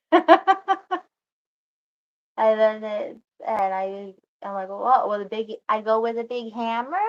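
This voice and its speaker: A woman's voice: medium pitch, dull audio. A woman vlogger telling a rambling story in casual chat, restarting often and quoting what others said. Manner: rambling, restarts, quotes others in quick asides.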